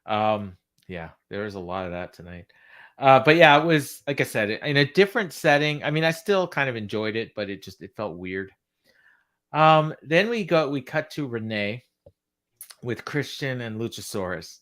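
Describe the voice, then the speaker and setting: A man's voice: mid-range voice, expressive, moderate pace, fairly bright tone. A chatty man co-hosting a live podcast recap. He talks in a loose, casual way, often laughing and answering viewer comments as he goes. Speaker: podcast co-host. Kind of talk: casual livestream recap chat.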